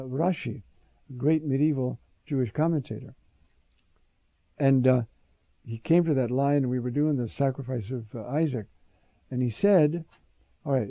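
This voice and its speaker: A man's voice: mid-range voice, creaky, dry recording, highs cut off. An older man, a priest preaching a sermon, reflective and storytelling, with sudden emphatic rises.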